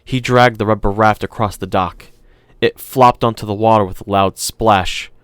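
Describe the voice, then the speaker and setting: A man reading an audiobook aloud in calm, measured scripted narration. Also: on the low side, clear, resonant tone, no echo.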